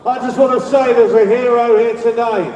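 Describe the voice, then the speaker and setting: Middle-aged london guy ranting at a rally, real high voice, far off the mic in an echoey space. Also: steady tone, moderate pace. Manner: rambling, shouts out demands, leads call-and-response. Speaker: activist speaker at a rally. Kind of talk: rally speech. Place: public rally. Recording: echoey, distant, with crowd noise. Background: faint crowd and ambient noise.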